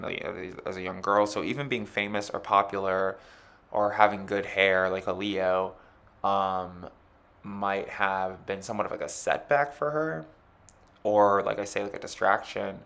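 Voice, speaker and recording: A man's voice: low voice, creaky, sharp tone. A man giving a rambling, casual astrology chart reading, full of filler words.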